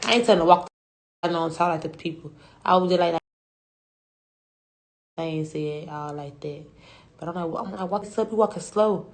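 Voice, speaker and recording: A young woman talks on a livestream in a slightly low voice. She rambles through her story, swears often and uses a lot of slang. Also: a little fast, pauses often. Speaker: rapper.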